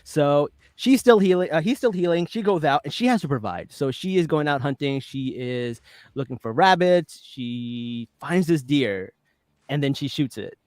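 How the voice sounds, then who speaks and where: Chatty man with a higher voice, dry sound. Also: animated, normal speed, darkish tone, dry recording. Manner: chatty, laughs often while retelling. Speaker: podcast host. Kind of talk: casual chat, recapping an episode.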